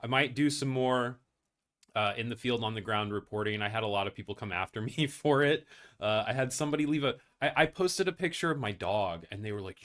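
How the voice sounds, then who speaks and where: A man's voice: lowish voice, fairly quick, fairly bright tone. A young man hosting a casual news livestream, rambling and self-deprecating, with many fillers and restarts as he reads stories and viewer comments.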